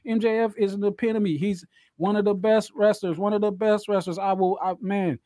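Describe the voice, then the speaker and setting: A man's voice: sits high, fairly even intonation, a little fast, warm tone, dry recording, studio quality. A man co-hosting a casual podcast chat, swearing a lot and repeating phrases for emphasis. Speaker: podcast co-host.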